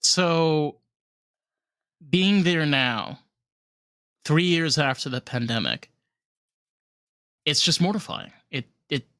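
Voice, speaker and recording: A man's voice: a little high, expressive, slow, pauses often, sharp tone, no echo, clean studio sound. A man with a New York accent, co-hosting a podcast and telling stories bluntly and emphatically in casual chat. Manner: blunt, emphatic storytelling with swearing. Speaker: podcast co-host.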